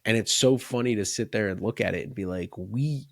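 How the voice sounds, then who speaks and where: A man's voice: fairly low pitch, a little fast, no echo, clean studio sound. A man who coaches baseball, co-hosting a casual podcast and talking in long run-on thoughts that he often caps with "right?" and "like".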